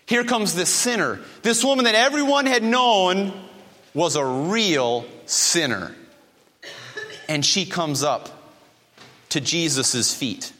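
Male preacher, high voice, emphatic, repeats himself, asks rhetorical questions, long hall reverb. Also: fairly bright tone. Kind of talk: sermon.

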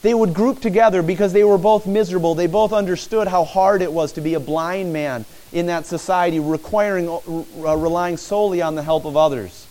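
A man preaching a sermon in a church, animated and acting out pleading cries. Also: sits high, fairly quick, few pauses, poor audio.

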